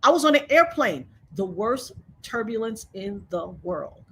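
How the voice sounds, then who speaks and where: A woman's voice: a little high, very animated, a little slow, a little hiss or hum. A woman in her fifties, telling her story with fervent, preacher-like conviction as an interview guest. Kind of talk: emotional testimony in conversation.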